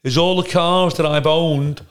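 A man's voice: fairly high pitch, steady tone, measured pace. A man from the United Kingdom hosting a casual podcast chat, a blunt storyteller who swears freely. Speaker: comedian and podcast host.

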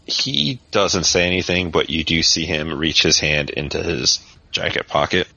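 Very deep-voiced man game master. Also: expressive, moderate pace, gravelly, sharp tone, no room sound. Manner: casual, filler-heavy description. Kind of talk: narrating a tabletop game. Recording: dull lo-fi podcast audio.

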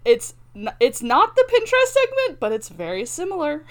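A woman's voice: high-pitched, wildly swooping pitch, moderate pace. A woman co-hosting a casual podcast chat, rambling and laughing often. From Idaho. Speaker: podcast co-host.

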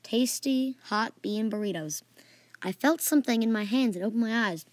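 A woman's voice: on the high side, normal speed, darkish tone, no room sound. A woman narrating a playful, made-up adventure story in a casual way, adding sound effects and asides.

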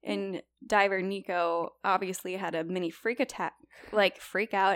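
A woman's voice: medium pitch, flat delivery, normal speed, no echo. A young woman casually telling a true story on a podcast, chatty and full of likes and you-knows.

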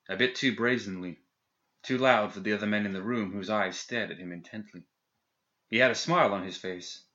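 A man narrating an audiobook in a steady, measured reading. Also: fairly low pitch. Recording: dull lo-fi recording.

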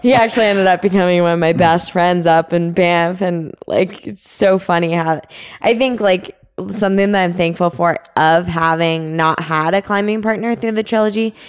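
A woman's voice: fairly low pitch, normal speed, smooth. A young woman telling a climbing story in a casual interview, chatty with many fillers. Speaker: climbing guest.

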